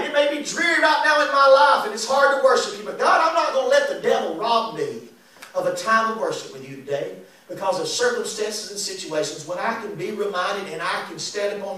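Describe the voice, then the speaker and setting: Man, evangelist preaching, folksy, high voice, heavy church echo. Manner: folksy, animated, laughing asides. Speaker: evangelist and singer. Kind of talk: lively sermon with congregation call and response. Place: church sanctuary. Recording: echoey church recorded from a distance.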